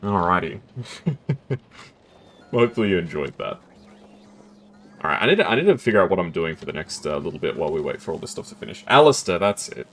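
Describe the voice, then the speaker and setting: A man's voice: low voice, sing-song, fairly quick, pauses often, soft background music. A man casually commentating his gameplay on a live stream, chatty and self-deprecating, laughing often.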